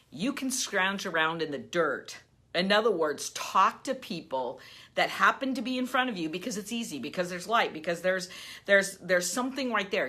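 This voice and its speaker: Lively, bright-voiced woman coach. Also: lowish voice. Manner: animated storyteller, laughs often. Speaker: business coach. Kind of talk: motivational talk to camera.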